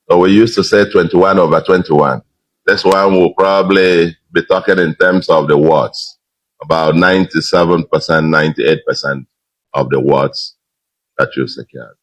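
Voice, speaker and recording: A man in his sixties, a governor giving an emphatic victory speech with measured pauses. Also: sits low, fairly bright tone, low-quality recording. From Nigeria.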